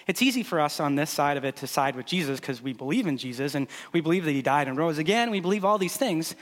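A man's voice: on the high side, fast talker, few pauses. Easygoing pastor man in echoing hall. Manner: conversational, loose and filler-heavy. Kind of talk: casual sermon with live demonstration. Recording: long hall reverb.

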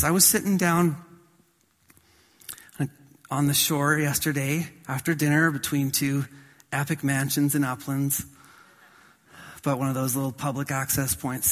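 Guy pastor preaching in a big echoey church, fairly high voice, gets loud then drops to almost a hush. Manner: dramatic swings from loud to soft, slowing on key phrases. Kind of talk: sermon.

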